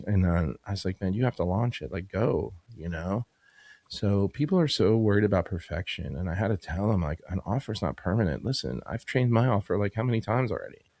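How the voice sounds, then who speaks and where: A man in his fifties with a low, gravelly voice tells a story at a quick clip. He is a podcast guest, rambling and casual, filling gaps with "you know" and "like." The sound is dry and close. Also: expressive, a little mellow, dry recording. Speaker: podcast guest, business owner.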